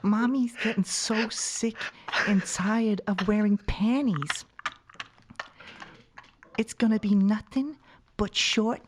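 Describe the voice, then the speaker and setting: A woman speaks in a film clip, slow and seductive with a teasing tone. Faint noise sits under the recording. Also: medium pitch.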